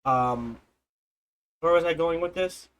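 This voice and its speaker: A man's voice: fairly high pitch, slow pace, a bit bright, clean tone, low-quality recording. A man in his forties giving casual, rambling gameplay commentary, often restarting and correcting himself. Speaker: let's play host.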